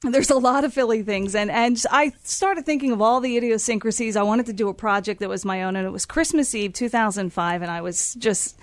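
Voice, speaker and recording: A woman's voice: a little high, a little fast, few pauses, no echo. A woman from Philadelphia, a cookbook author, telling family stories on a radio show and laughing easily. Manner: lively storytelling, laughs easily. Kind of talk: radio interview.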